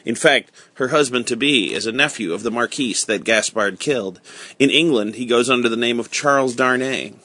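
A man reading aloud and voicing a smooth-talking male spy who coaxes with leading questions. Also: mid-range voice, moderate pace, pushed and bright. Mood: probing.

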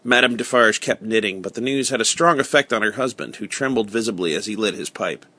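A man reading a novel aloud in a steady, plain storytelling way. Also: lowish voice, brisk, no echo. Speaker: narrator.

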